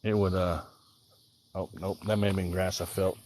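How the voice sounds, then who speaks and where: Man, mild southern accent, low-pitched, rambling easygoing chat, fishing outdoors, crickets behind. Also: level tone, moderate pace, darkish tone. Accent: Southern American. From Southern Illinois. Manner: rambling, easygoing, thinks aloud, reads out viewer comments. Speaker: livestreaming angler. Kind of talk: casual live-stream chat while fishing. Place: outdoors by the water.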